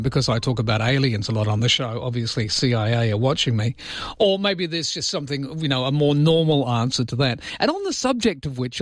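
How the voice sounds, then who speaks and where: An Australian man hosting a morning radio show, chatting casually and joking between news items. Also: mid-range voice. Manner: chatty, joking, dips into mock voices.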